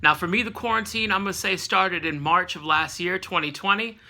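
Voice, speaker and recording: High-voiced and brisk with a sharp edge, this man talks through books he's read in a casual review vlog. He's a Californian reviewer in his late thirties who rambles, filling gaps and correcting himself often.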